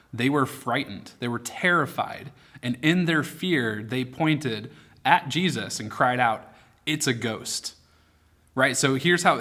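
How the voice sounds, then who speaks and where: Casual man preaching to youth. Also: medium pitch. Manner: casual, animated storytelling with dramatic quotes. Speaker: youth pastor. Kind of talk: youth sermon. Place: online youth ministry broadcast.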